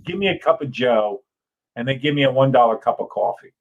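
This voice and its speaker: A middle-aged man telling a lively story as a guest on a podcast, acting out voices and shouting now and then. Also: mid-range voice, a little fast, creaky, narrow, tinny audio. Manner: animated yarn-spinner, acts out Southern voices with shouts. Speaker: author and guest.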